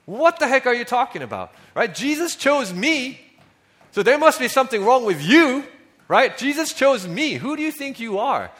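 A man voicing a bitter, defensive rich man in a sermon, answering with sharp, indignant retorts. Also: mid-range voice, very animated, moderate pace, pitched below the performer's own voice.

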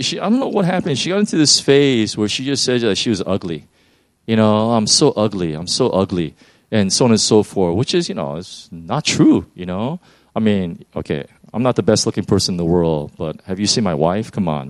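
A man's voice: on the low side, dry recording. Middle-aged male pastor, dry close sound. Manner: rambling, many fillers and restarts, acts out quotes. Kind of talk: conversational sermon.

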